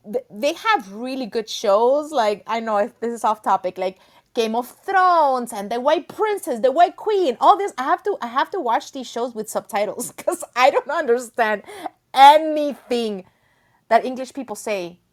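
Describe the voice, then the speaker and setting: A woman co-hosting a casual chat. She is chatty and laughs easily, and she adds quick apologetic asides. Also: a little high, lively intonation. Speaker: co-host.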